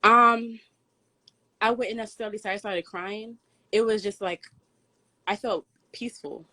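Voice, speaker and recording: A young woman chatting casually about a personal experience, relaxed and full of "like". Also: medium pitch, unhurried. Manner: relaxed, filler-heavy, says "like" a lot. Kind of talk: casual chat.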